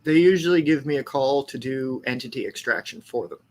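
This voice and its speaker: A man's voice: mid-range voice, a little fast, a loud crowd. A man talking as a podcast guest in a loose, rambling and profane casual chat.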